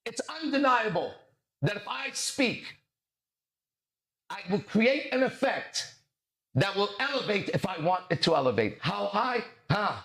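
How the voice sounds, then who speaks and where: A man hosting a podcast as a mindset coach, delivering a swaggering, profane, preachy monologue with dramatic pauses. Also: high voice, sing-song, fairly bright tone.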